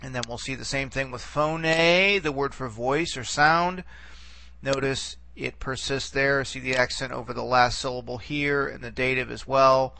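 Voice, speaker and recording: A man's voice: mid-range voice, moderate pace, gravelly, pushed and bright. A man teaching a recorded lesson, explaining patiently and checking in often with "okay". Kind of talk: recorded lecture.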